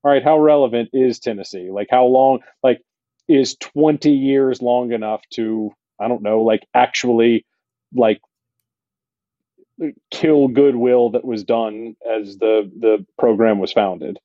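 A man co-hosting a casual sports podcast, talking haltingly with many fillers. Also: mid-range voice, fairly even intonation, mellow, no echo, highs cut off. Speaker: podcast co-host.

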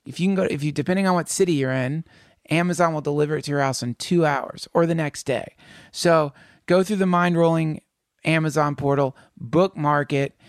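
Animated, joking man with a higher voice. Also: a little fast, no echo, studio quality. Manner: animated storyteller, jokey and emphatic. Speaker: podcast co-host. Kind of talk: casual chat.

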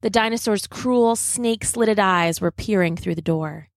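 A woman reading a children's adventure story aloud, steady and dramatic. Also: medium pitch, unhurried, vocal fry, dry recording, clean studio sound.

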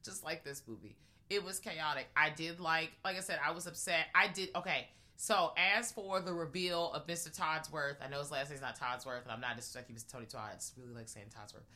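Young woman ranting about a movie, low-ish but bright punchy voice, gets loud fast. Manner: animated, swings into loud acted-out reactions. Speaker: podcast co-host. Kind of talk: casual movie review chat.

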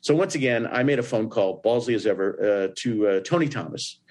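A man from Indiana tells show-business stories as an interview guest, in an ordinary mid-range voice. He talks in an animated way and keeps leaping up in pitch to act out what other people said. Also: a little fast. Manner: animated, breaks into voices with big jumps up in pitch. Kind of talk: storytelling in an interview.

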